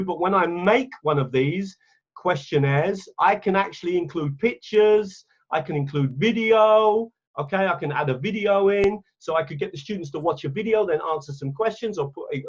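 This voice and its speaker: Over a video call using his computer microphone, an Englishman runs a webinar for teacher training. He talks chattily, fixes his own slips and clicks through his screen as he goes, in a slightly husky voice pitched high for a man, with dull, lo-fi call audio.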